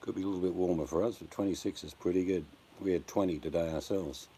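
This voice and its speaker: With a low-pitched, warm voice, steady tone, and quick delivery, an older Australian man hosts a casual live stream, speaking bluntly, cracking jokes, and greeting viewers by name. Faint background noise can be heard.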